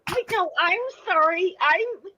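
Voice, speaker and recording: A woman's voice: very high voice, takes it slowly, sharp tone. A woman from Michigan chatting casually on a panel show, rambling and jokey, with the odd swear. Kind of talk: casual chat. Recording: muffled lo-fi audio.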